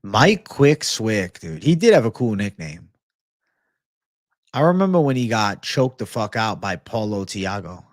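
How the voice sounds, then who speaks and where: A man's voice: on the low side, big pitch swings, a little slow, no room sound, studio quality. A young man hosting a casual MMA livestream, swearing freely and answering chat in a laid-back way. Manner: profane, laid-back, reads chat aloud. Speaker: MMA show host.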